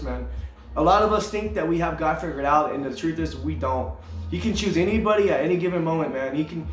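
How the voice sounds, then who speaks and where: A man in a casual spoken testimony, talking earnestly. He ends almost every phrase with "man", repeats his words and laughs often. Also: a little high. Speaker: storyteller sharing his faith. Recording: echoey room with faint music.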